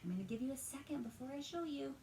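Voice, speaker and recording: Animated woman reading a story to kids. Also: high voice, echoey room, a little hiss or hum, low-quality recording. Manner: animated, drawn-out words, talks to children. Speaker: teacher reading to children. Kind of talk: storytime read-aloud. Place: at home, roomy indoor space.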